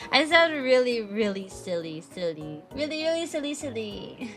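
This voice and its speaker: A woman's voice: mid-range voice, bright, forceful tone. A young woman, chatting casually on a stream in a bubbly, rambling, playful way.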